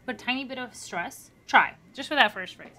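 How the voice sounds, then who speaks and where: A woman voice teacher giving a masterclass, coaching a singer in an encouraging, lively way and demonstrating French phrases aloud. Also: fairly high pitch, a little fast.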